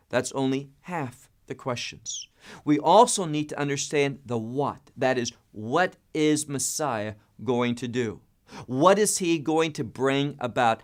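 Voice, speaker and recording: A man's voice: mid-range voice, a little mellow. A man teaching a Bible study, emphatic and stressing key words, with frequent repeats and restarts.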